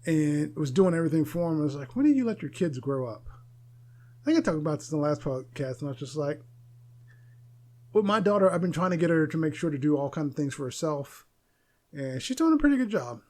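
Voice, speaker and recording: A man's voice: a little high, very animated, a little fast, dark tone. A man hosting a solo podcast, talking casually in an opinionated, rambling way and laughing often. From United States. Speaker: podcast host.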